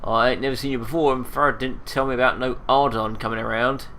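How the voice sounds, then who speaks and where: A man doing a gruff bruiser guard. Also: mid-range voice, steady tone, quick pace, bright, forceful tone, a little hiss or hum. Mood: menacing. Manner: rough slangy speech. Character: gruff heavy-set male guard, threatening.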